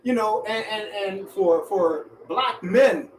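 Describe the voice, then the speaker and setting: A man with a high, light voice leads a casual group conversation, laughing easily and pressing his points with emphasis. He sits back from the microphone, so the room rings around him. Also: slow pace, recorded from a distance, background noise. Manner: laughs often, animated and emphatic. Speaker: discussion host. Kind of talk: group discussion. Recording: roomy sound from off-mic.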